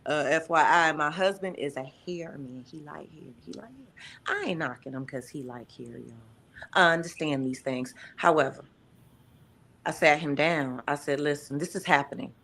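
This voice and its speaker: Lively, bright-voiced woman co-host. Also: low voice, normal speed, slight background noise. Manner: animated, playful, talks straight to listeners. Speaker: podcast co-host. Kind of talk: casual chat.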